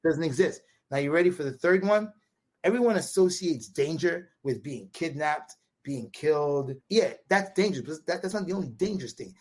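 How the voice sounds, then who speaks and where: A man from Brooklyn with a New York accent, a podcast guest telling a story in an animated, casual way and often tagging his sentences with "right?". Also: on the high side, normal speed. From Brooklyn, USA. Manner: animated, repetitive restarts, quotes dialogue with "right?" tags.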